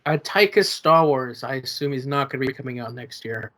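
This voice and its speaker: Casual male podcast co-host, mid-pitch, rambling and laid-back. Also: brisk. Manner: relaxed, rambling, trailing off. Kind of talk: casual chat.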